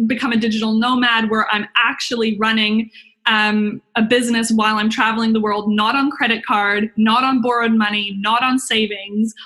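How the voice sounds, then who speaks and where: A young woman who is a business coach and podcast host gives a webinar talk in a bubbly, excitable, rambling way. Her fairly high voice sounds bright and forceful, and she scatters "like" throughout and acts out little inner voices.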